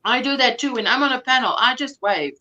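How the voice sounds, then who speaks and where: A South African woman hosts a casual livestream from home, chatting, reading out viewer comments and greeting people by name. Her voice is high-pitched, bright and forceful, and she talks fairly quickly. The highs in the recording are cut off.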